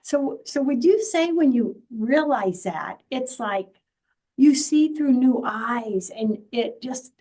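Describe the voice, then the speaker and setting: Slow, reflective woman host. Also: a little high, expressive, mellow. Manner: reflective, shares her own experience while asking. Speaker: podcast host. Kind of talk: interview conversation.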